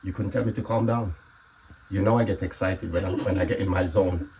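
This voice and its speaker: Here the same home-kitchen cooking vlogger and comedian speaks low and a little fast, with a darkish tone and fairly even intonation. Slight background noise sits under his chatty explanations, which are peppered with "okay?"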